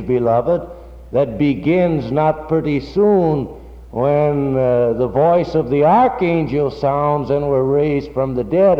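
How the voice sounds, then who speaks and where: Slow, emphatic preaching man. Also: echoey room, big-room sound, muffled recording. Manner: slow, emphatic preaching that rises to loud, high-pitched peaks. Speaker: pastor. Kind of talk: sermon.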